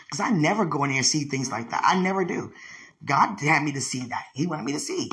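Gravelly husky voice, gushing affection. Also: medium pitch, very animated, fast, sharp tone. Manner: effusive, rambling, affectionate, often devout.

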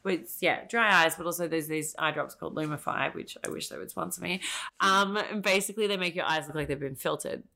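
A woman telling her story as a podcast guest, animated and swearing freely as she acts out what others said. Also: deep voice, brisk, gravelly.

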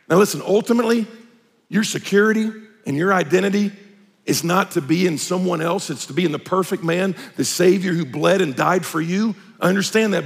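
Pastor, man, high gravelly voice, emphatic conversational sermon, long hall reverb. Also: fairly bright tone. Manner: emphatic, conversational preaching with asides to the congregation.

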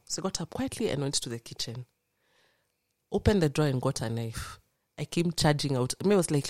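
A woman's voice: low-pitched, expressive, a little fast, dry recording, clean studio sound. A young woman, earnestly and animatedly retelling a painful personal story as a podcast guest.

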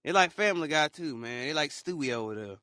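A man's voice: fairly high pitch, expressive, quick pace, background noise. A young man talking casually in a rambling motivational monologue, joking and laughing as he mocks the people who envy success. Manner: rambling, joking, laughs often, mocks haters in put-on voices. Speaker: podcast host.

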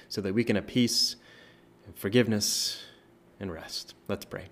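A man with a lowish voice gives an informal Bible lesson as a pastor. He talks casually, restarting phrases and asking "right?" often, then moves into a quiet prayer. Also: steady tone, measured pace. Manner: conversational, many fillers and tag questions; prays softly at the close.

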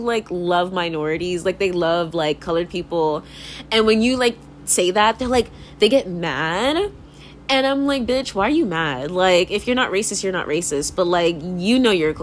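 A woman's voice: mid-range voice, a little hiss or hum. A young woman hosting a podcast in a casual, rambling monologue, swearing freely, laughing often and filling her speech with "like.". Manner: fills speech with "like". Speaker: podcast host.

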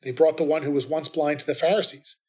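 A man reading the responsorial psalm and scripture readings at Mass in a measured, steady way. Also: fairly high pitch.

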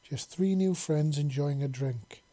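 A man voicing a gentle alien woman with mandibles and tusks, speaking in a soft, purring way in a storybook reading. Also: fairly high pitch, measured pace. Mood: soft, tender.

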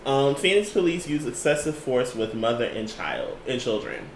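A man's voice: mid-range voice, animated, moderate pace. A man giving earnest, emphatic opinions in casual commentary chat. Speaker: co-host. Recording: echoey room with faint noise.

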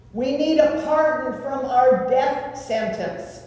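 A woman pastor preaching a sermon in a deliberate way, with rhetorical questions and lists, recorded in a church sanctuary. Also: high-pitched, mellow. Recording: echoey hall from far off.

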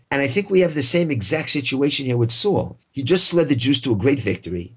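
Man, husky voice, Bible teacher, reads Hebrew verses then explains in English, animated delivery. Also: medium pitch, a little fast, hardly any pauses. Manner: lively, acts out quoted speakers.

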